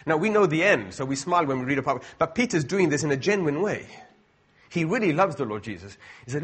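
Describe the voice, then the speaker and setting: Male preacher, middle-aged, husky voice, conversational sermon, rhetorical questions. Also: a little high, lively intonation, quick pace.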